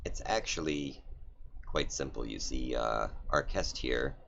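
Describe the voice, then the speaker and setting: A man voicing a grave, measured woman who travels through time. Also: extremely low pitch, vocal fry, a bit bright, muffled recording, a little hiss or hum, pitched below the performer's own voice, exaggerated voice.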